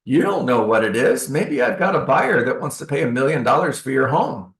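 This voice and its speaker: A man's voice: mid-range voice, brisk, echoey room. A man coaching a live audience in a seminar, acting out sales calls with sarcastic asides. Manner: animated, acts out sales calls. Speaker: real estate coach. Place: training room with an audience.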